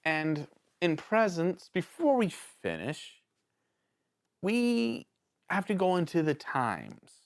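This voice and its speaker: A man hosting a casual video review show, talking in an animated, jokey way that rambles and interrupts itself, with sudden jumps in pitch. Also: slow pace, gravelly. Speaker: host of a villain-ranking show.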